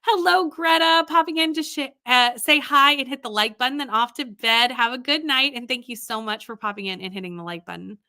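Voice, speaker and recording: A bubbly woman chats through a casual livestream, reading viewer comments aloud and greeting people by name. Her voice is bright and sits a little high. She sounds tired, yet laughs easily. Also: brisk, few pauses. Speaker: livestream host.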